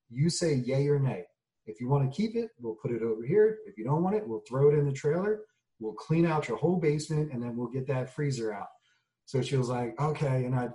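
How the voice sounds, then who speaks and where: A man with a dark, mellow voice tells a story in casual conversation, slipping into the lines of the people in it. He sits a little back from the mic, so his voice sounds slightly distant. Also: medium pitch. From United States. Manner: animated storyteller acting out quotes. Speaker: guest, junk removal business owner.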